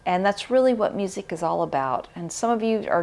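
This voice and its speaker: A woman's voice: mid-range voice, expressive, a little fast, gravelly, a little mellow. Middle-aged woman, record-channel host, earnest and reflective, mid-range voice. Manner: reflective and heartfelt, with frequent "uh" and "um". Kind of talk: casual talk to camera.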